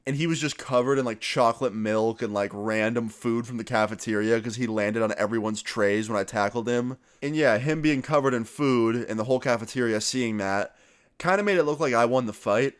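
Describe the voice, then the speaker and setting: A man's voice: mid-range voice, brisk, clean tone. A young man casually retelling a school story as a vlogger, swearing freely and acting out both sides of the conversation. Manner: casual, profane, animated retelling. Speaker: youtuber. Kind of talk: storytime vlog.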